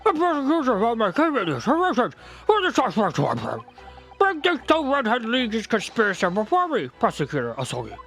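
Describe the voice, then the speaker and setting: Man voicing a pompous elderly judge in a game read-along, wildly swooping pitch, soft music underneath. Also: huge pitch swings, fairly quick, heavily acted. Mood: stately. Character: pompous old male British court judge.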